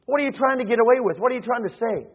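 A man preaching a sermon in church, swinging between hushed and emphatic delivery with frequent hesitations. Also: extremely high pitch, rapid-fire, breathy edge. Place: church sanctuary. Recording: tinny phone-like sound.

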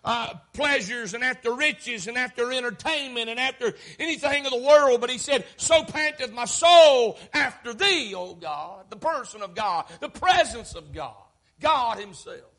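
A man preaching a sermon, impassioned, building to shouts and dropping low again. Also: expressive, moderate pace.

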